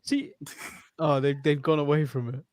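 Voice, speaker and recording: A man's voice: on the high side, fairly even intonation, normal speed, darkish tone. A man with an English accent co-hosting a podcast, chatting casually with chuckles and hesitant restarts. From England. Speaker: podcast co-host. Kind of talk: casual watch-along chat.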